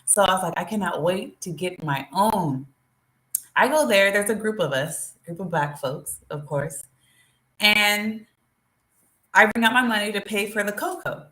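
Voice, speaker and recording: A woman hosting a live stream, talking straight to her viewers in an animated, chatty way. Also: medium pitch, unhurried. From United States. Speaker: vlogger. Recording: roomy echo.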